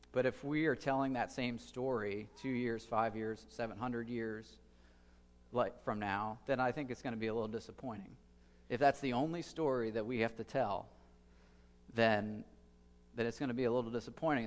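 A man's voice: medium pitch, normal speed, big-room sound. A man preaching a sermon as a pastor, conversational and thinking aloud, with fillers and restarts.

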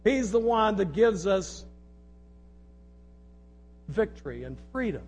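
A man's voice: sits high, big pitch swings, takes it slowly, darkish tone, rough recording. A man preaching an earnest sermon, reading scripture aloud and repeating key phrases. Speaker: pastor.

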